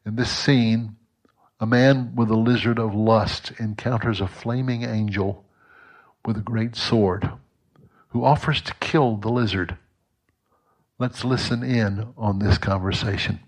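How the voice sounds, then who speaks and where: Low-voiced man reading a devotional. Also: fairly even intonation. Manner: earnest, measured, with dramatic readings. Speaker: devotional speaker. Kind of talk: devotional reflection and reading aloud.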